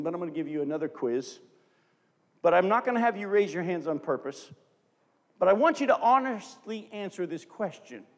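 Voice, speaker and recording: Pastor, male, high voice, animated sermon delivery, booming hall reverb. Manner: animated, acts out scripture quotes for the congregation.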